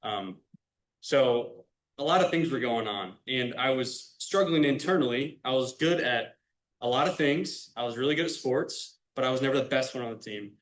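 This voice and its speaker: A young man from Illinois gives a personal faith testimony to a club audience. He speaks in an easy, conversational way and keeps turning to the listeners directly. His voice sits at an ordinary middle pitch. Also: expressive, moderate pace. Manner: casual, earnest, addresses the audience directly. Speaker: guest speaker. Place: club meeting room.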